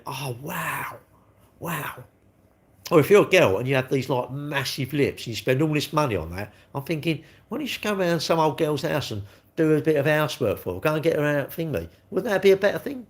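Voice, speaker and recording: Man, 60s, live-stream chat, rambling, blunt, lively pitch.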